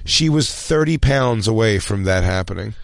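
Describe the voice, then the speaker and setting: Low-voiced man rambling through a story. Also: lively intonation, moderate pace, gravelly. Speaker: podcast host. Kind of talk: casual podcast banter.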